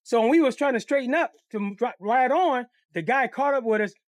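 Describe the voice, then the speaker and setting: Profane, animated male storyteller. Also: very high voice, fairly quick, no echo, studio quality. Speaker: storyteller, channel host. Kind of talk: casual storytime monologue.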